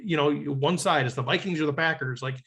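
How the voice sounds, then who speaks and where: A man's voice: on the high side, fairly quick, pushed and bright. A middle-aged man, talking earnestly and reflectively as a podcast guest, often tagging his sentences with "right?". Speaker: podcast guest, leadership coach. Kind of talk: conversational interview.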